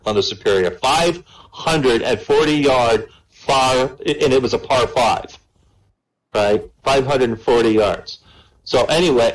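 A man's voice: mid-range voice, poor audio. A man telling a long joke at an online comedy night, adding "right?" after his lines. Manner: animated storyteller, keeps adding "right?". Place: online voice chat comedy show.

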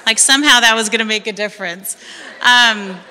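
Woman in her 40s from california sharing her testimony at church, really bright voice, long hall echo. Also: fairly high pitch, a little fast, clean tone. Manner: lively storytelling, acts out quoted voices. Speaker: church member giving testimony. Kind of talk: personal testimony at a church service.

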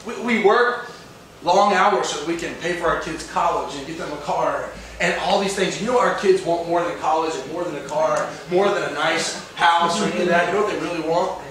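A man's voice: a little high, a little fast, a bit bright, slight background noise. A male pastor preaching a sermon with emphatic delivery, often asking the congregation questions. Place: church sanctuary. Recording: echoey church hall from far off.

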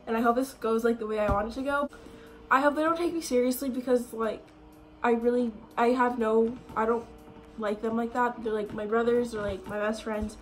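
A woman's voice: on the high side, fairly even intonation, fairly quick, faint music behind. A woman vlogging in a casual way, nervous and giggly, with lots of filler words. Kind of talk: casual vlog talk.

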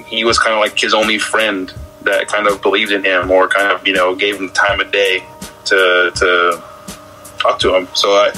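A man's voice: lowish voice, pushed and bright, rough recording. A man co-hosting a podcast, chatting casually about a film, rambling with lots of stammers and restarts. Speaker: podcast co-host. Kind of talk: casual film-discussion chat.

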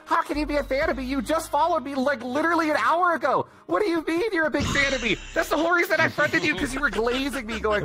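A man with a very high, piercingly bright voice rants through comedic call-outs, swearing and getting worked up. Faint music plays under him. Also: fast talker, hardly any pauses. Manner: loud exasperated ranting, swearing, laughing. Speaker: streamer giving call-outs. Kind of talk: casual comedic rant.

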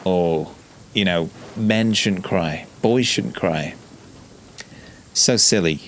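A man hosting a relaxed let's-play, chatty, chuckling and self-deprecating. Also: sits low, slow pace, slight background noise. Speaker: gaming video host.

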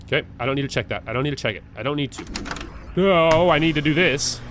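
A gaming video creator gives live let's-play commentary on a horror game in a medium-pitched voice. Jumpy and nervous, he repeats words in rapid bursts and pleads with the game's enemies to go away, over a noisy background.

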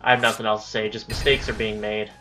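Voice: medium pitch, level tone, fast talker, pushed and bright, faint music behind. A gaming channel host giving casual let's-play commentary, talking to themself and often saying "dude". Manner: casual self-talk, says "dude" a lot.

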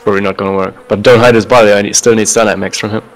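A man's voice: fairly low pitch, steady tone, very fast, crowd noise, poor audio. A man chatting casually while playing a shooter game with a friend, laid-back and swearing often. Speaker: gamer.

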